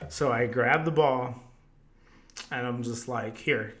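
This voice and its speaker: Host type: tipsy guy, swears a lot, loose rambling storyteller, mid-pitched voice. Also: takes it slowly. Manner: swears constantly, rambling and animated. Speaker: podcast host. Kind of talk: casual storytelling chat.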